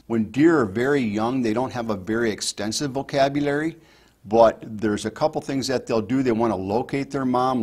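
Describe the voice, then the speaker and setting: A man teaching hunters fawn calls, explaining each step in a relaxed instructional way. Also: medium pitch. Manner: explains step by step, demonstrates softly. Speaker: hunting call instructor. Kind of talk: instructional talk.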